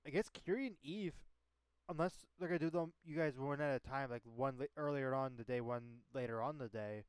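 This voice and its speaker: A man playing a tabletop game, chatting in an excitable way and laughing often. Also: medium pitch, brisk, clear, resonant tone. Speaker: player. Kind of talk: casual chat.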